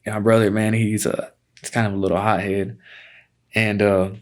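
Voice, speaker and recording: A man's voice: fairly low pitch, level tone, moderate pace. A man in his twenties, a podcast guest telling stories casually, laid-back and profane, dropping "man" into nearly every sentence. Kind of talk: casual storytelling.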